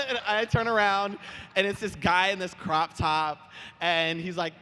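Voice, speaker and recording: A young man chatting as an interview guest on a convention stage, animated and quick to laugh, telling his stories with lively put-on voices. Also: high voice, slight background noise. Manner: animated, giggly, lively storytelling. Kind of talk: casual chat on stage. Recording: roomy hall with faint ambience.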